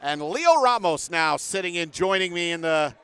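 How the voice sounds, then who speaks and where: A man's voice: high voice, lively intonation, moderate pace, fairly bright tone, clean tone. A man doing play-by-play for a basketball game from a broadcast booth, chatting with guests between plays. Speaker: play-by-play announcer.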